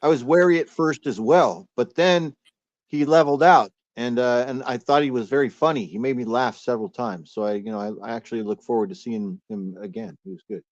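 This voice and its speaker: A man gives his measured view in a casual chat, tripping over the first words of his sentences. His voice is dry and dull, as on a lo-fi call line. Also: mid-range voice, animated, no echo. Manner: measured, stammering at starts.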